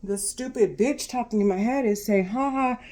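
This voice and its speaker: A woman's voice: medium pitch, normal speed, mellow. A woman speaking alone to camera in an agitated, repetitive monologue, full of swearing. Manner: repetitive, swearing, tense ranting. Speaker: vlogger.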